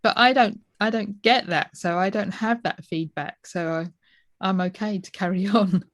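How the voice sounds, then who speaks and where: A woman's voice: medium pitch, normal speed, no echo. A middle-aged woman answering interview questions in an easygoing, matter-of-fact way. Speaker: podcast co-host, guest. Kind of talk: casual interview chat.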